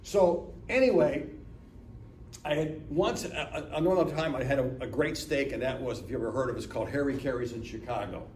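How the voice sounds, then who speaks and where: At a business lunch, a guest speaker in his seventies from Northeast Ohio spins chatty stories, voicing dialogue and repeatedly asking "right?", his mid-range, darkish voice moving a little fast. A far-off mic catches him in an echoey room, with a little hiss or hum.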